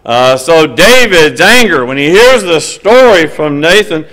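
A man preaching in a relaxed, conversational way, with a voice pitched a little higher than most men's. He reads scripture with emphasis and fills his pauses with "uh". Now and then he turns to banter with the listeners in the hall. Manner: emphatic, hesitant "uh" fillers, banter with the audience. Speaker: preacher at a lectureship. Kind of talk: conversational sermon with scripture reading.

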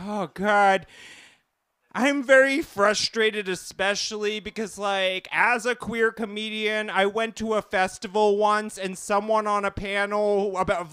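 A man's voice: high-pitched, bright, forceful tone, clean tone, no echo, studio quality. A man performing a live stand-up set in a small cafe, self-mocking and exasperated, drawing out his lines. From Portland, Oregon. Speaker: stand-up comedian.

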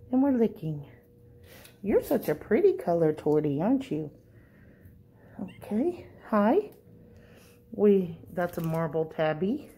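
A middle-aged woman, vlogging casually and cooing at cats in a high sing-song voice while talking through a face mask indoors. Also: sing-song, slow, long pauses, warm tone, slightly rough. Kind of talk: casual vlog chat. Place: indoor cat shelter room. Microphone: handheld camera, talking through a face mask.

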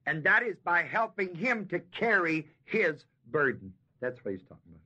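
A man teaching Bible verses in a sermon. He talks emphatically, slows down to stress key words and asks the audience questions. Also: a little high, sing-song, sharp tone, breathy edge. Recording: dull lo-fi 1970s tape recording.

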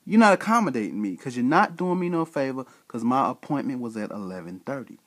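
A man's voice: mid-range voice, lively intonation, quick pace, fairly bright tone. A man telling a story in a casual vlog rant, exasperated and slangy, acting out bits of dialogue. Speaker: vlogger.

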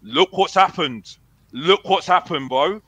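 A man's voice: a little high, lively intonation, takes it slowly, muffled recording, background noise. A man, a football fan arguing heatedly on a fan show, brash and boastful, repeating himself. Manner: brash, boastful, repeats himself, calls himself Mister Box Office.

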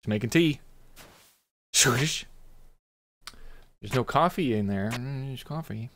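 A man's voice: medium pitch, lively intonation, slow pace, fairly bright tone. A young man making playful, joking asides while playing a video game. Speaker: let's-play host. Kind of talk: casual game commentary. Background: game music.

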